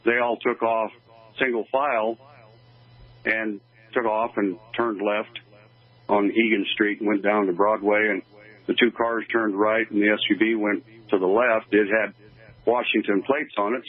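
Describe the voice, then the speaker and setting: An older man from Oregon, a guest in an interview, giving an earnest, halting personal account with many restarts. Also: lowish voice, fairly even intonation. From Oregon, USA. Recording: tinny phone-line call.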